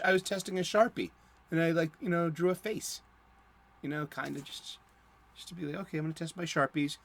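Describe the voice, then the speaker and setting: A man's voice: medium pitch, fairly bright tone, a little hiss or hum. A middle-aged man, hosting a comics talk show in a casual, rambling monologue full of fillers and chuckles. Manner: chatty, chuckling, lots of fillers and restarts. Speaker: comics podcast host.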